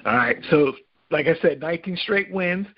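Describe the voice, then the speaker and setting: A man hosting a podcast, prompting his guest with brief, relaxed remarks. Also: a little high, normal speed. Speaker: podcast host. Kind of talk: casual interview. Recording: dull lo-fi podcast audio.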